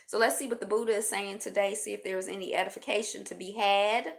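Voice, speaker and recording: A woman's voice: mid-range voice, fairly even intonation, fast talker, vocal fry, hardly any pauses. A woman hosting a live stream indoors at home, reading short passages aloud and stopping to muse and chat with viewers. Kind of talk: casual reflective reading and chat. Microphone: built-in camera mic.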